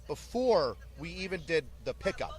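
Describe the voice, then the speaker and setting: In this interview, the drill sergeant spins his tales at a moderate pace in a slightly high voice, staying animated, blunt and full of jokes.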